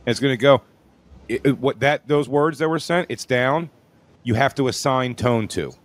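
A man's voice: medium pitch, fairly quick. A man in his studio, teasing and arguing in a casual podcast debate, swearing freely. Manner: teasing, mock-courtroom banter, swears.

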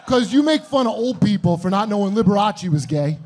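A man's voice: high voice, expressive, brisk, a little mellow. A man doing crude, provocative comedic banter on a live podcast at an event venue. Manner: brash, provocative, joking. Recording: live room with audience noise.

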